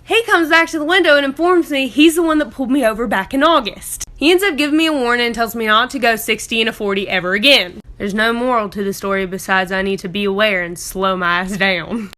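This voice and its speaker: A young woman with a high, bright voice tells a story about getting pulled over. She is sassy and pokes fun at herself. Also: quick pace, hardly any pauses. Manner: sassy, self-mocking. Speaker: student. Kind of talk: casual storytime.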